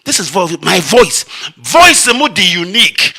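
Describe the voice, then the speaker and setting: With a Nigerian Igbo accent, a man on the radio delivers an emphatic, fervent monologue, restating his points for weight in a declamatory style. He has a high, gravelly voice with a sharp tone and breathy edge, big pitch swings, and an unhurried pace.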